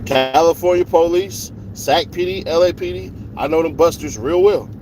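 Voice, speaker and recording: A man's voice: fairly high pitch, normal speed. Man, vlogger, slangy profane storytelling, driving car, faint engine hum. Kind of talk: casual chat while driving.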